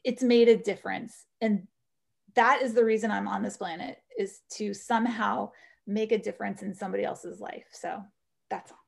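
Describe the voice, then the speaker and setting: A woman who teaches yoga, telling an animated story as a guest in an interview. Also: medium pitch, normal speed, creaky. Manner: animated storyteller, acts out voices in quotes.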